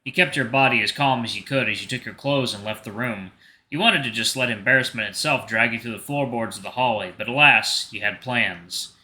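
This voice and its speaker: A man's voice: mid-range voice, a little fast, pushed and bright. A young man reading a visual novel aloud, narrating in the second person.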